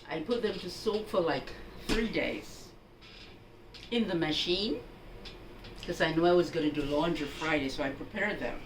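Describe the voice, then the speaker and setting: A woman from Jamaica gives an unhurried, instructive housekeeping demonstration and keeps checking in with her viewer. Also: deep voice. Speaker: housekeeping vlogger. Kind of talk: home laundry-folding demonstration. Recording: echoey room, voice from a distance, background noise.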